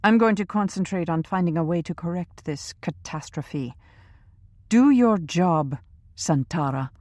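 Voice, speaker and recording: A woman reading a scheming, ruthless female boss in an audiobook, sharp, sarcastic and commanding. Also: fairly low pitch, animated, measured pace, dry recording. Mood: threatening.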